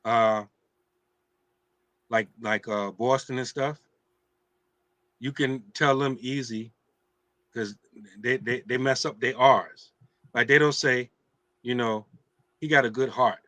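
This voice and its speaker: A man hosting a casual talk show, telling teasing stories in an animated way. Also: mid-range voice, slow pace, pauses often, no room sound. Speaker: show host.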